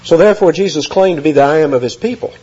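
Male preacher, husky and slightly high, animated delivery, dull lo-fi recording. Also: rapid-fire. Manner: lively, emphatic, reads scripture aloud. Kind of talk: expository sermon.

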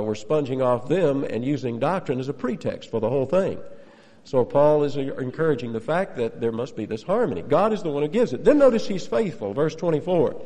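A man's voice: mid-range voice, dark tone, big-room sound, low-quality recording. A man preaching an expository sermon, emphatic, repeating key phrases and chuckling now and then.

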